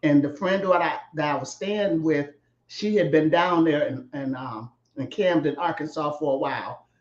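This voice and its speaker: A woman's voice: sits low, normal speed. A woman who is a guest in a casual conversation, speaking directly and frankly and asking pointed questions. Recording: echoey, dull-sounding.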